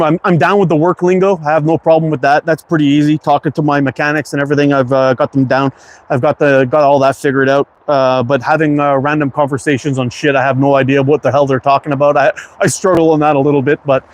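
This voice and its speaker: A man in his fifties from Quebec speaks English with a slight French-Canadian tinge. His voice sits a little high for a man. He chats casually with viewers on a livestream, reading their comments and often doubling up his words. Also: fairly even intonation, fast, a little hiss or hum. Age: 50s. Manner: friendly, repeats words, reads chat aloud. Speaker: livestream host.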